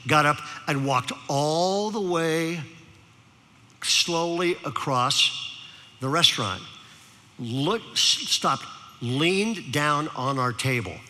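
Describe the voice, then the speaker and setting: Bright-voiced preacher in an echoing hall. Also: male voice, a little high. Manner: storytelling, animated, engages the audience. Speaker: pastor. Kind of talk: sermon.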